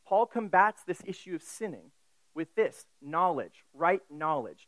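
A man preaching an expository sermon, emphatic and deliberate, with casual asides and quick self-corrections. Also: a little high, animated, a bit bright, no echo, rough recording. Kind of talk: sermon, expository Bible teaching.

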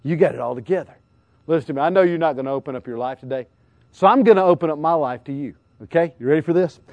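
A man's voice: on the high side, quick pace, dry recording, dull audio. A middle-aged man preaching a sermon as an evangelist, firing questions at his listeners and acting out everyday scenes. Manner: animated, questions the crowd and acts out scenes.

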